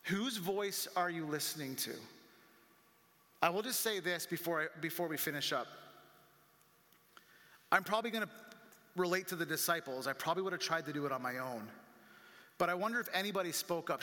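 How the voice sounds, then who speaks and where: A male pastor preaching a conversational sermon, acting out the voices of critics and climbing higher and louder as he gets animated. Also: a little fast, pauses often. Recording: long reverb from a large room.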